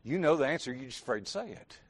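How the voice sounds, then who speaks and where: A man's voice: mid-range voice, expressive, fast, husky. A middle-aged pastor with a Southern accent, preaching a folksy sermon and quizzing his congregation directly. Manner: folksy, addresses congregation with questions and "y'all".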